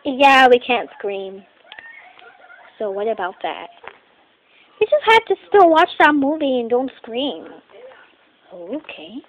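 A woman voicing teenage doll characters in a homemade skit, talking in a halting, rambling way and often clearing her throat. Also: a little high, big pitch swings, dull audio, a little hiss or hum.

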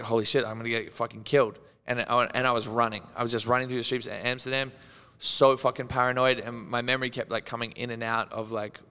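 In a large hall, a medium-pitched, sharp, smooth voice belongs to a young Australian man in his twenties appearing as a podcast guest. Chatting casually, he spins wild, rambling stories, swearing, laughing, and acting out people's words.

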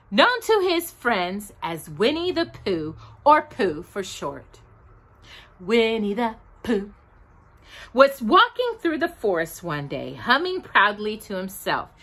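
A woman reading a children's storybook aloud in a slow, expressive manner. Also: medium pitch.

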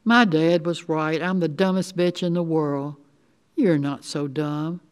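A woman's voice: low-pitched, steady tone, measured pace, clear, resonant tone. An older woman reading a story aloud, voicing a tough, frightened pregnant teenage runaway girl who talks in a brash, sarcastic, crude way. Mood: distraught.

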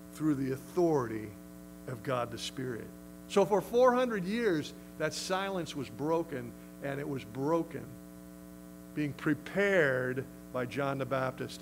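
A man's voice: mid-range voice, noisy background. A male pastor preaching a sermon in an emphatic, conversational way. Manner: emphatic, conversational, acts out quotes.

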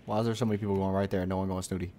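A man's voice: low voice, little pitch movement, very fast, a crowd in the background. A young man streaming a video game, chatting casually and joking with a friend. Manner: joking, sings snatches of songs. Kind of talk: casual gaming chat. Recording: faint background noise.

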